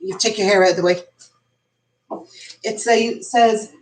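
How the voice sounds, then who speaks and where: A woman's voice: medium pitch, steady tone, unhurried, slight background noise, rough recording. An Irish woman in her forties hosting a casual live stream from her kitchen, candid and chatty as she thinks aloud. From Ireland. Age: 40s. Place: home kitchen. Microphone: computer mic.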